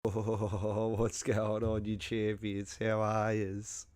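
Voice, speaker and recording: A man's voice: fairly low pitch, completely flat delivery, slow pace, a little mellow. A man hosting a casual livestream chat, swearing freely and calling everyone mate, still coughing after being ill. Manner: laid-back, swears a lot, matey. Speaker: livestream host.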